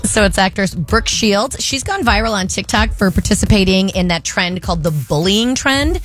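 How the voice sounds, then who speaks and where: A woman's voice: medium pitch, expressive, moderate pace, fairly bright tone, soft background music. Chatty Midwestern woman reading news. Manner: upbeat, chatty, laughs easily. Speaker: radio show co-host reading entertainment news. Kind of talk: casual news chat.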